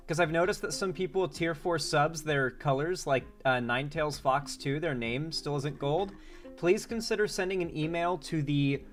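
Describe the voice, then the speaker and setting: A man hosting a casual livestream, reading out chat names one by one and rambling through asides. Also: a little high. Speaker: livestream host.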